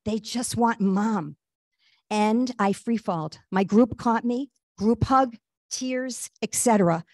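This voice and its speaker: A woman guest telling a personal story in an earnest, halting way, with frequent fillers and restarts. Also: a little high, darkish tone, no echo, studio quality. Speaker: guest speaker.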